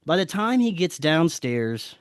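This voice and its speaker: A man's voice: a little high, big pitch swings, measured pace, smooth, no echo, studio quality. A man guesting on a podcast, telling a story casually and animatedly, swearing freely and acting out the dialogue.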